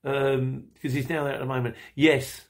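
A man's voice: mid-range voice, flat delivery, moderate pace. A middle-aged man hosting a podcast, chatting casually and rambling while he reads out listener messages, laughing often. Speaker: podcast host.

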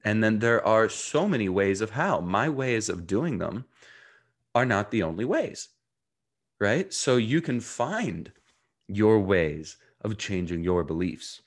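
A man speaking as a coach guest in a podcast interview, talking in an animated, emphatic way. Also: fairly low pitch, slow. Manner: animated, emphatic, acts out clients' voices.

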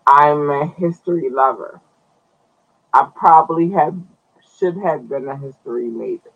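A man's voice: fairly high pitch, a little slow, gravelly, fairly bright tone, highs cut off. A man hosting a podcast, chatting loosely to his viewers, cursing and drawing out his words. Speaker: podcast host. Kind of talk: casual live-stream news commentary.

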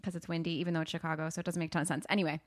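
Fast-talking woman reacting to a movie. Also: low-pitched, flat delivery, no echo, studio quality. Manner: reactive, jumps in with quick comments. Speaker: podcast co-host. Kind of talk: casual movie chat.

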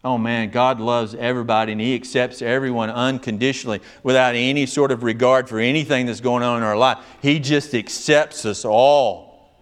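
A man's voice: medium pitch, fairly even intonation, normal speed, smooth. A male pastor preaching a sermon, telling stories with emphatic delivery and acting out dialogue.

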